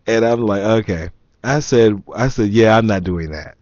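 Low-voiced man telling an amused story. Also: normal speed, a little mellow, no room sound. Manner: amused, laughing, reads messages aloud wryly. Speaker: vlogger. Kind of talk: casual storytelling to camera. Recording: slightly dull, lo-fi sound.

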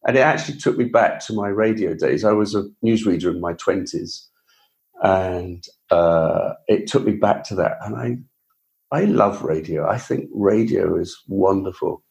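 Low-pitched and creaky, with a darkish tone and a slightly slow delivery, this English guest author speaks in an RP accent. He relates his story casually in an interview, talkative and quick to run himself down.

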